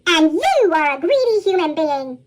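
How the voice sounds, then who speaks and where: A grumpy old leprechaun cobbler, played by a woman reader, stubborn and gruff. The whole voice runs through a chipmunk pitch shift, very high and bouncy. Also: big pitch swings, normal speed. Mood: angry.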